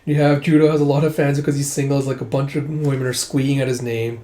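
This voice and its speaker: A man's voice: medium pitch, level tone, quick pace, dark tone, reverberant. A man casually retelling a manga chapter, leaning heavily on fillers. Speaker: manga recap vlogger. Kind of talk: casual comic recap.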